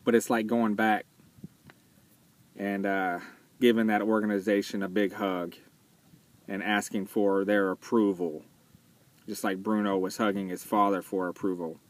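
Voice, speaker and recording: A man's voice: lowish voice, flat delivery, measured pace, pauses often. A man talking casually and earnestly as a vlogger, hesitating with fillers and restarts as he retells a film. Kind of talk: casual spoken commentary.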